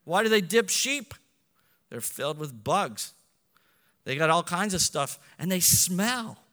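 Man preaching, high voice, bright tone, swings from loud to hushed, long reverb of a hall. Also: big pitch swings, a little slow. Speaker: pastor. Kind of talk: sermon.

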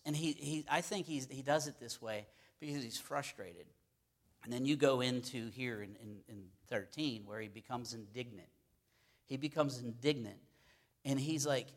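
A man's voice: medium pitch, moderate pace. A man with a mid-range voice teaches a Bible passage in an informal, talky way. He circles back, repeats key words for emphasis and restarts his sentences as he thinks aloud. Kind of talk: conversational sermon.

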